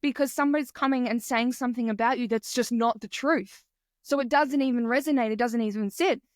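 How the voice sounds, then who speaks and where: Bubbly higher-voiced woman podcast host. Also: a little fast, no room sound, clean studio sound. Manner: enthusiastic, swears casually, acts out quotes. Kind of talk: casual interview chat.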